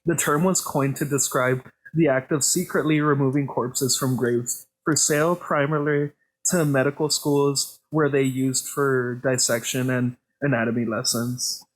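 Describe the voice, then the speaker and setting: A man co-hosting a podcast, reading out topic notes haltingly with many fillers. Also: mid-range voice, fairly even intonation. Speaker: podcast co-host.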